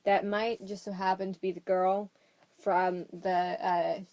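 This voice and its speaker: A woman's voice: medium pitch, flat delivery, measured pace, darkish tone. A woman co-hosting a casual movie review chat, hesitant and wry, talking with many fillers.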